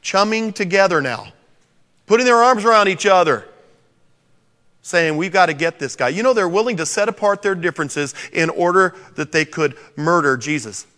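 Animated preacher in a reverberant hall. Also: male voice, high-pitched, moderate pace. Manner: animated, jokes with the congregation, quotes scripture dramatically. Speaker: pastor. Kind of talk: sermon. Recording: long reverb of a large hall.

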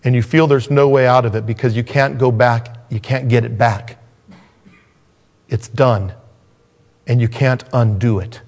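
Preacher guy giving a sermon, gets loud then goes real quiet. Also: mid-range voice, fairly even intonation, measured pace, pauses often. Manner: dramatic swings from raised intensity to hushed softness. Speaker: pastor.

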